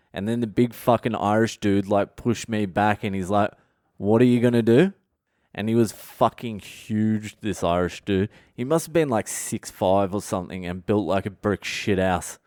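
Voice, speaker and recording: Blunt, profane man with a smooth, low voice. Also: darkish tone, no echo, clean studio sound. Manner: profane, blunt, rambling anecdotes. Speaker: podcast host, comedian. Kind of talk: solo confessional podcast storytelling.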